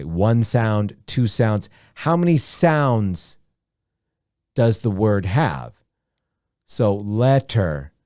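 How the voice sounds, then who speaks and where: A man teaching a beginner English lesson, speaking slowly and deliberately, repeating words and often saying "okay". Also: mid-range voice, warm tone, no room sound, studio quality. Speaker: ESL teacher.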